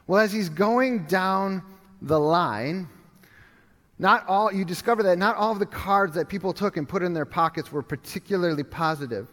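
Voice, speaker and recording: A male pastor preaching a sermon, telling a story with animated swings from urgent loud appeals to hushed, quiet moments. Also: sits high, moderate pace, long reverb tail. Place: church sanctuary.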